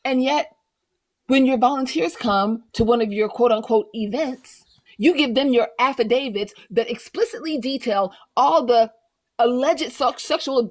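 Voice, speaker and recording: A woman's voice: sits high, moderate pace. A woman hosting a livestream reaction, ranting bluntly and profanely in casual commentary with mocking asides. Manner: does mocking voices of others.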